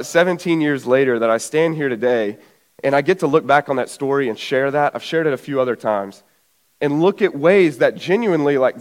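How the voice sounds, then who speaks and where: Preaching with a bit of breathlessness, a man in his twenties brings a personal anecdote to life by voicing members of his family. His pitch is fairly high.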